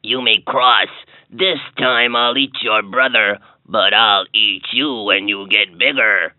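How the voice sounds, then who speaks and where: A terrible troll growls from under his bridge, as a man puts him on, low and dragging each word out slowly. The storybook voice sounds deep and menacing. It plays through a tinny, dry toy speaker. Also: roomy sound, in a large hall. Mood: grudging. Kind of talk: storybook character voice.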